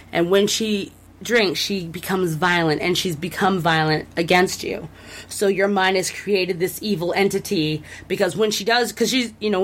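A woman co-hosting a casual podcast, recapping a horror video game in a rambling, enthusiastic way with lots of fillers and restarts. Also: on the low side. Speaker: podcast co-host.

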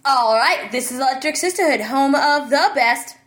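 A woman's voice: high-pitched, moderate pace, fairly bright tone. A woman hosting a casual podcast over an online call, playful and giggly, restarting the intro again and again. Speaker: podcast host.

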